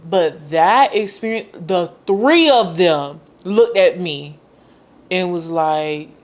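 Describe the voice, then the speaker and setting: Animated, casual young woman storyteller. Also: slow pace. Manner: animated, acts out quoted dialogue with sharp pitch jumps; casual, slangy and chatty. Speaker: podcast host. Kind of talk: personal storytelling monologue.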